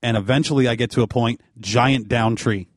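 A man spins a long, winding story in easy conversation, stacking fillers as he goes. His voice sits at an ordinary middle pitch and is recorded dry and close, with no room sound. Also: a little fast, dry recording. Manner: rambling, animated storytelling with fillers. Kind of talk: casual chat.

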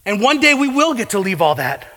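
Fervent high-voiced male pastor. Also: sing-song, brisk, sharp tone. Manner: fervent, rising to impassioned pleading. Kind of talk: sermon. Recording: long hall reverb.

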